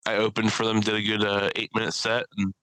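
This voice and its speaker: A man telling rambling, profane stories in a loose podcast chat, often laughing at his own tales. His voice is bright and forceful, smooth and crisp, recorded dry and close. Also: lowish voice, monotone, fast talker, dry recording, low-quality recording. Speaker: podcast host and stand-up comedian. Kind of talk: casual storytelling chat.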